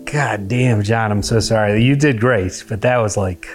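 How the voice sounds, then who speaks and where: A man's voice: fairly low pitch, normal speed, soft background music. A man hosting a comedy podcast, running a game with playful, bouncy patter. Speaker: podcast host.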